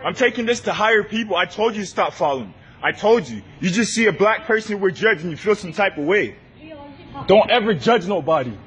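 A man filming on his phone inside a large store, loudly and insistently confronting staff who follow him. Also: high-pitched, animated, fairly quick, husky. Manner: loud, insistent, repeating demands. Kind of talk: heated filmed confrontation. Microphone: handheld phone recording.

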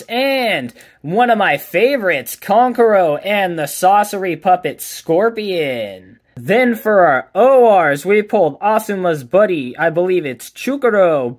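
A man hosting a card pack opening, chatting casually and calling out each card as he pulls it. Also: sits high. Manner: upbeat, chatty, calls out each card as pulled. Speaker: card collector and channel host.

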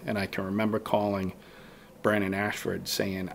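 Gravelly low-voiced man telling a hunting story. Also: flat delivery, moderate pace, slight background noise. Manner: rambling, acts out his own past thoughts. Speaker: guest bowhunter. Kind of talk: casual storytelling in a podcast interview.

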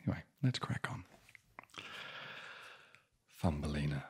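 Guy whispering a sleep story, real breathy and low, dry jokes here and there. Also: lively intonation, a little slow. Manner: soft, dry and sarcastic asides. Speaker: ASMR storyteller.

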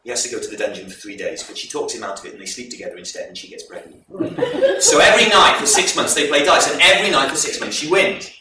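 A man presenting a folk performance, retelling the tale to a live audience in a measured, explanatory way. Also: medium pitch, wildly swooping pitch, a crowd in the background. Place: live event hall. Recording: echoey hall recorded from far off.

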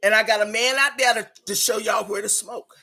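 A woman playing a loud, brassy big woman who hosts a party club, hollering her welcomes and slightly out of breath. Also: mid-range voice, steady tone, creaky. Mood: bossy. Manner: hollering, drawn-out, Southern-style slang. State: a little out of breath. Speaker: host. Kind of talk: comedic character monologue.

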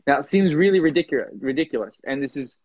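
Animated Norwegian-born man, dry dull sound. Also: fast talker, dry recording. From Norway. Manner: animated, acts out voices with big pitch jumps. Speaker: podcast guest. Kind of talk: casual conversation.

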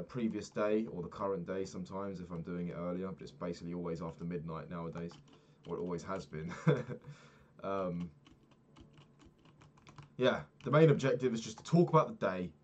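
A young man with a low voice rambles through his day in a loose, sweary diary chat while he plays a game. Faint keyboard clicks sit under his voice. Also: a little hiss or hum. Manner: rambling, sweary, self-mocking, frequent restarts. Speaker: vlogger. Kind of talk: casual daily diary talk over gameplay.

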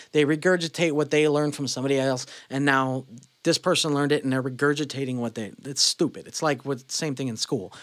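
A man's voice: medium pitch, fairly bright tone, no room sound. A male vocal coach giving a casual singing lesson in a blunt, opinionated way, breaking off to demonstrate sounds with his own voice.

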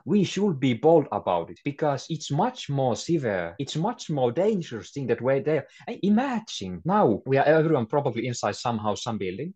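A man's voice: mid-range voice, a little mellow, slightly rough. A man, preaching earnestly and urgently at a bible study as an English speaker.

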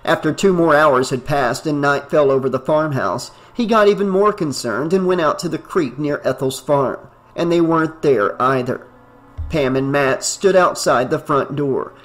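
A man narrating a novel in a steady, even reading voice. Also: on the high side, moderate pace. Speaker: audiobook narrator. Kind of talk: scripted narration.

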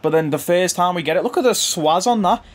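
A young man giving casual, slangy commentary over his own football video game, chuckling often and jumping to excited shouts when goals go in. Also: sits high, fairly quick. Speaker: gaming YouTuber and streamer. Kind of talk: casual live gameplay commentary.

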